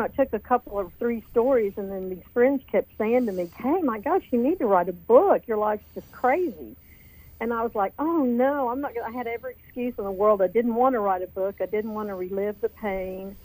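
A woman's voice: mid-range voice, darkish tone, dry recording, poor audio. A middle-aged woman, a guest author telling her life story in an earnest, chatty way on a radio interview. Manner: chatty, earnest, tells stories with quoted dialogue.

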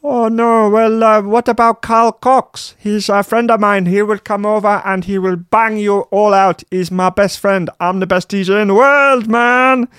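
A man voicing a whiny, boastful male DJ in a high, strained, nasal whine, in a dry room. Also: fairly even intonation, measured pace, hardly any pauses, fairly bright tone, smooth, no echo. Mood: pleading.

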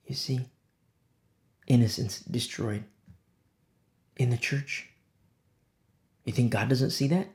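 A man delivers a sermon from the pulpit in a middle-pitched voice. He dips into low, quiet warnings, then leaps into sharp, high exclamations to drive each point home. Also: fairly even intonation, slow, pauses often. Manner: emphatic, swinging from low hushed lines to sharp high exclamations. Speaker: pastor.

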